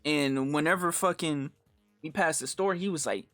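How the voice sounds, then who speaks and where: Young man, storytime vlog, casual profane slang, fairly high voice, dry close sound, faint music behind. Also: normal speed, fairly bright tone, no room sound. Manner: slangy, profane, rambling with restarts; acts out quoted lines in swings of pitch. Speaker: storytime YouTuber. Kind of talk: casual storytelling over gameplay.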